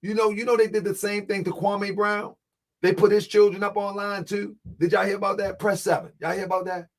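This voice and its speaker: A man with a notably high voice hosts a loose, casual livestream. He talks in easygoing slang and laughs often. He keeps circling back to a repeated catchphrase. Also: flat delivery, fairly quick. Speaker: livestream host. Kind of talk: casual live-stream chat.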